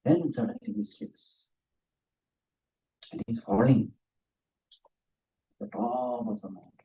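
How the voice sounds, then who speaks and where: A swami gives a scripture talk, earnest yet often laughing as he tells stories. His mid-range voice is mellow and lively in intonation, and he takes his time. The recording is distant, dull, lo-fi room audio.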